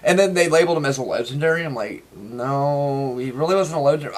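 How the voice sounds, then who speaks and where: A fast, excitable young man rambles through a casual interview, tripping over restarts as he goes. His voice sits a little high for a man and the words tumble out quickly. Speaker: interviewee, toy collector.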